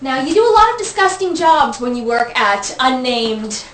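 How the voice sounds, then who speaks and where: A woman's voice: high-pitched, sing-song, moderate pace. A woman telling a comic personal story at an open mic, chatty and laughing often. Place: event room, audience present. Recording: echoey room, distant noisy mic.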